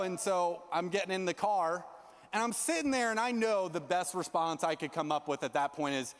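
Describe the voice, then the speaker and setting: High-voiced young man preaching in a hall. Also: brisk. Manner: animated, self-mocking storyteller who acts out his own lines. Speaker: youth pastor. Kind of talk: storytelling youth sermon. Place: large church youth hall. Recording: long reverb of a large hall.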